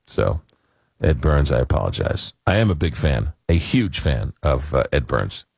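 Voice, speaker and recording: A man's voice: extremely low pitch, very animated, unhurried, vocal fry, a little mellow, breathy edge, no echo, clean studio sound. A man in his fifties from Long Island, New York, hosting a radio call-in show and telling rambling, self-deprecating stories. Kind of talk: casual talk radio storytelling. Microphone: studio microphone.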